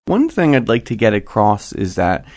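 A man answering interview questions as a researcher, explaining things in a measured, step-by-step way. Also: fairly low pitch, huge pitch swings, darkish tone.

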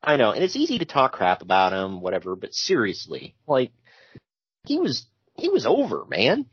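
A man's voice: mid-range voice, wildly swooping pitch, normal speed, breathy edge, dry recording. A man co-hosting a podcast, casually recapping wrestling with jokey asides and frequent laughs. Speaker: podcast co-host. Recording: dull lo-fi sound.

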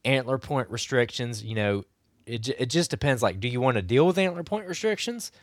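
A man, slightly hoarse from losing his voice, giving rambling, coaching advice as a podcast co-host. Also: mid-range voice, animated, a little fast, no echo, studio quality. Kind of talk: casual podcast chat.

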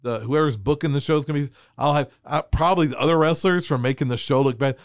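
A man telling a story on a podcast in a casual, animated way, laughing and acting out the voices of people in his anecdotes. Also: on the high side, quick pace, no echo, studio quality. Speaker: wrestling referee telling a story.

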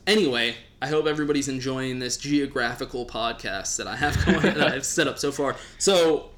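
A man's voice: mid-range voice, a little fast, fairly bright tone. A man hosting a podcast, chatting casually in a joking, rambling way with the odd swear. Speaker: podcast host.

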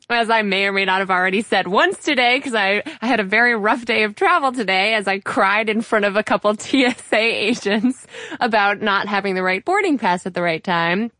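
A woman hosting a podcast interview, talking with animated energy and laughing often. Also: mid-range voice, moderate pace, no room sound, studio quality. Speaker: podcast host.

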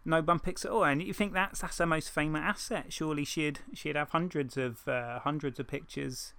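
A man's voice: on the high side, fairly even intonation, normal speed, creaky, sharp tone, clear, resonant tone, no echo. A man co-hosting a casual news podcast, bantering with dry, mocking humour. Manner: dry, mock-patriotic banter. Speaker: podcast co-host.

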